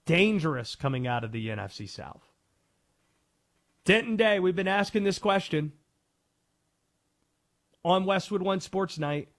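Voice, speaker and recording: A man's voice: high-pitched, lively intonation, a little slow, pauses often, fairly bright tone. A man hosting a sports talk radio show, speaking in emphatic, punchy short phrases.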